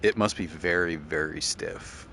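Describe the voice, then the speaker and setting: Deep-voiced man musing over gameplay. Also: a little slow, gravelly, pushed and bright, slight background noise. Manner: musing, rambling, thinking aloud. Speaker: gaming channel host. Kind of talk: casual gameplay commentary.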